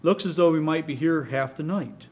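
A man's voice: on the high side, normal speed, close to an everyday voice. A man voicing a worried, mild-mannered farmer. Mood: troubled. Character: worried middle-aged farmer, patient and mild.

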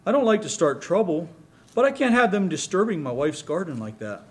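A man's voice: high voice, big pitch swings, brisk, pitched above the performer's own voice. A man voicing a patient middle-aged farmer who talks earnestly about his troubles. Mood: troubled.

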